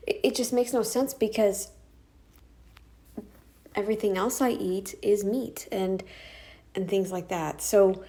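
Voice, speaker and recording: With a warm, mid-range voice, fairly even intonation and a measured pace marked by long pauses, a woman vents in a personal bedroom vlog. She's tearful and exhausted, upset, sighing and restarting as she rants.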